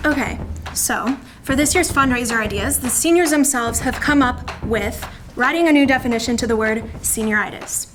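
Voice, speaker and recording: An actress playing a dry, no-nonsense young class president with a deadpan manner. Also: female voice, high voice, background noise, natural voice. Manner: deadpan, brisk.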